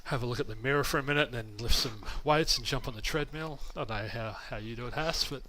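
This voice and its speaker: Bright-voiced blunt man chatting on a podcast. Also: medium pitch, quick pace. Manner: blunt, swears casually, laughs often. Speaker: podcast co-host. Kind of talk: casual podcast chat.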